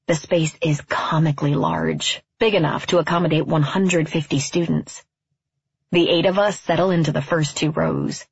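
A woman from California narrating a first-person story in a wry, deadpan, reflective way. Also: low voice, normal speed, vocal fry, slightly rough, dry recording, lo-fi sound.

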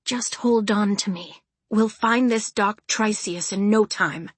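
A steady teenage girl speaking softly and reassuringly, as a woman reads her. The voice sits at a middling pitch, recorded dry and close. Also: slow, husky, no echo. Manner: soft and reassuring. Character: steady teenage girl comforting a sick friend.

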